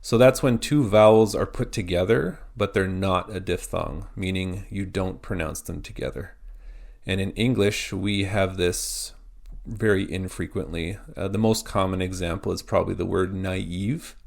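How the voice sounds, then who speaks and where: A man teaching a pronunciation lesson, spelling out words letter by letter in a slow, methodical way. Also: low voice, fairly even intonation, vocal fry, darkish tone.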